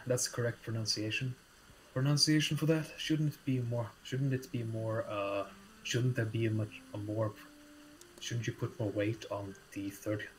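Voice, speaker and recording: A man's voice: medium pitch, slight background noise, natural voice, poor audio. A man voicing a polite, studious teenage student council president who questions his teacher hesitantly.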